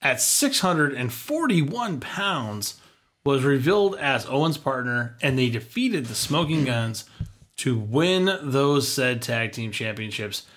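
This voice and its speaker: A man's voice: mid-range voice, sing-song, slow pace, a bit bright. A man hosting a casual chat show, reading prepared notes and dropping wry quips. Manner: wry, reads facts with quips. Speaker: podcast host.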